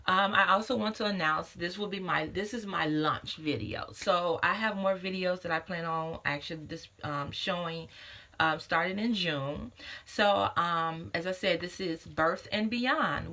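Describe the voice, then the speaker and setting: A woman's voice: fairly low pitch, gravelly, sharp tone. A woman in her thirties, a doula and mother, talking earnestly and casually to camera with many fillers. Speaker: doula and vlogger.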